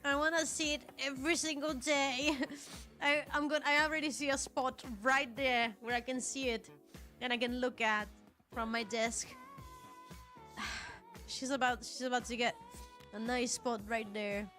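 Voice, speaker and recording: A woman with a high, bright pitch gushes over a gift on a live stream. She laughs through tears as she talks. Faint music plays in the background. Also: level tone, unhurried. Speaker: guest receiving a gift. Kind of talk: emotional live-stream chat.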